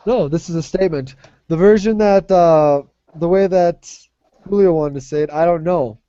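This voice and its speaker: A male English teacher with a fairly high yet mellow voice, patiently modeling phrases for his students. The sound is dry and slightly muffled, like a basic classroom recording. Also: moderate pace, dry recording.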